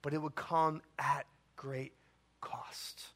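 A man preaching a sermon as pastor, impassioned and full of rhetorical questions and dramatic pauses. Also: on the high side, sharp tone.

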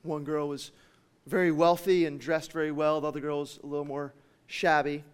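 Impassioned high-voiced male preacher. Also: little pitch movement, normal speed, smooth. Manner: impassioned, swinging between loud declarations and hushed tones. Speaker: pastor. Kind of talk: sermon.

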